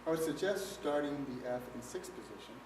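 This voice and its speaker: A man's voice: medium pitch, lively intonation, a little fast, background noise. Methodical male trombone teacher, echoey room. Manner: methodical, explains step by step. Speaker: trombone instructor. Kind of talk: music lesson demonstration. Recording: very echoey room, mic at a distance. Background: trombone playing.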